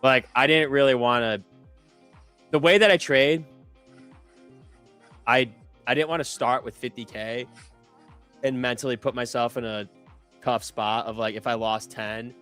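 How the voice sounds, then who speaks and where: A man's voice: mid-range voice, steady tone, unhurried, long pauses, fairly bright tone, clear, resonant tone, soft background music. A young man trading on a live stream, talking loosely with many fillers and self-corrections. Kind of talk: casual chat.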